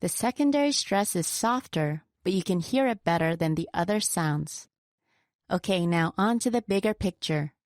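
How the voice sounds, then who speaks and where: A woman co-presenting a scripted pronunciation lesson, slowing down to stress example words with care. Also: lowish voice, lively intonation, no echo, clean studio sound. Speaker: pronunciation teacher.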